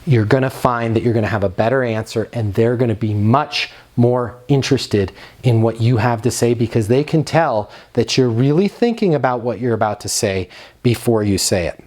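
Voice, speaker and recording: A man's voice: medium pitch, normal speed, a little mellow. A man giving a motivational training talk to leasing agents, direct and emphatic, drawing out key words for stress.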